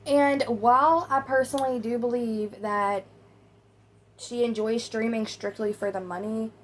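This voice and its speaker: A woman's voice: a little high, steady tone, unhurried, slight background noise. A woman hosting a casual commentary video, chatty and opinionated, talking straight to her viewers. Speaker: commentary host.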